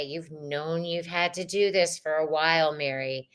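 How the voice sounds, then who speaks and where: A woman's voice: low voice, a little slow, hardly any pauses, clear, resonant tone. A woman hosting a live-stream tarot reading, talking casually and swearing freely as she reads viewers' questions aloud. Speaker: tarot reader.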